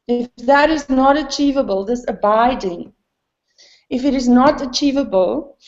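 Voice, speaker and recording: A woman's voice: high voice, a little mellow, roomy sound, lo-fi sound. A woman talking candidly in a spiritual gathering, rambling and self-deprecating with many fillers. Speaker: satsang participant.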